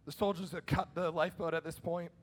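A male pastor giving an energetic, conversational sermon with sudden shouted lines. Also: on the high side, fast. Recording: long hall reverb.

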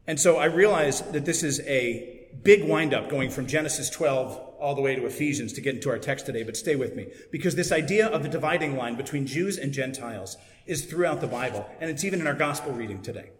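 A man's voice: mid-range voice, a little fast, slight background noise. A man preaching a sermon in a conversational, explanatory way. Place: church. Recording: echoey church with long reverb.

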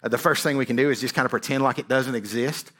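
A male pastor delivering a sermon at an ordinary, middle pitch. He preaches in a conversational way, checking in with "right?" and stumbling over repeated words as he builds each point. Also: steady tone, quick pace, pushed and bright.

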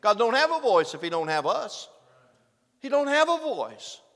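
A man preaching a sermon, swinging from loud exclamations to hushed, earnest lines. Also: very high-pitched, sing-song, normal speed. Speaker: pastor. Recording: preaching in a reverberant hall.

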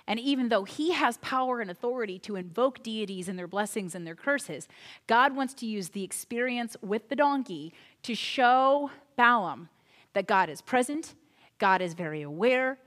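A woman pastor retelling a story in a sermon, animated and chatty with little asides. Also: mid-range voice.

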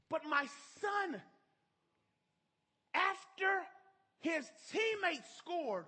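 A man's voice: extremely high pitch, expressive, a little slow, long pauses. A middle-aged man preaching a sermon in church, telling a story emphatically. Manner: emphatic storytelling, rising to shouts.

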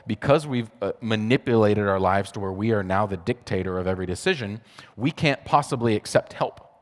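A young adult man preaching a casual sermon in a conversational way, with frequent "like" fillers. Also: lowish voice. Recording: reverberant hall.

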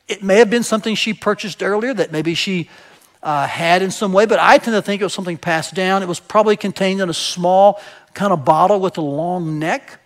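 Man, pastor, sermon, high voice, conversational, talks to the congregation. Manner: conversational, asks the congregation "right?"; explains with everyday examples and some hesitations.

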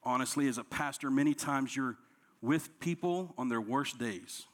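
Pastor guy preaching, mid pitch voice, goes quiet and low then pipes up loud on the quotes. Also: normal speed. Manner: preaching with strong swings between soft, low lines and raised, higher quoted outbursts. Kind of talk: sermon.

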